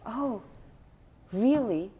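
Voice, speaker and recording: A woman speaking the lines of a timid, uncertain praying man in a soft, wondering way. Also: on the high side, expressive, extremely slow, breathy edge, heavily acted.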